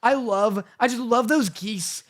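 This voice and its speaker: A young man co-hosting a podcast, chatting casually with dry jokes and deadpan questions. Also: very high voice, measured pace. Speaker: podcast co-host. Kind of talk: casual chat.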